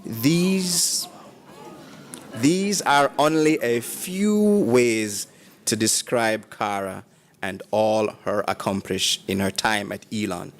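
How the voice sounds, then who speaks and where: A man at a graduation ceremony reading prepared tributes aloud, in a measured, formal manner and in short phrases. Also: on the low side.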